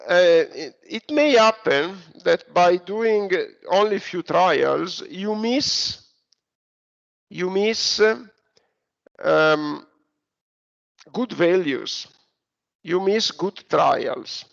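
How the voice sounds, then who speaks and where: A man with an Italian accent lectures slowly, pausing on fillers and restarting his sentences. His voice is fairly high for a man and gravelly. The recording sounds dull and lo-fi. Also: lively intonation. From Italy. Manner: hesitant, many fillers and restarts. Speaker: university lecturer. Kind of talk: online lecture.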